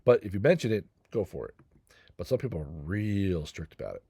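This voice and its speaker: A man's voice: deep voice, very animated, a little fast, gravelly, mellow, breathy edge, no echo. A middle-aged man hosting a gaming channel, talking through a game guide in a rambling, jokey, self-deprecating way. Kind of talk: casual game guide commentary.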